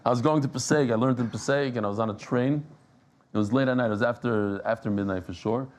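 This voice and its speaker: A man giving a lively Talmud class, telling stories and joking with the people in the room. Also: medium pitch, fast talker. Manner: animated, joking, mixes Yiddish and Hebrew terms. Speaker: daf yomi teacher. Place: class with live audience.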